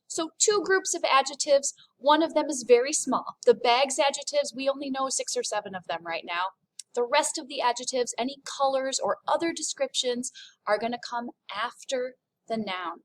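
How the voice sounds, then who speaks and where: In a recorded French lesson, a woman with a high, expressive voice speaks slowly and clearly. She models French phrases in an upbeat way.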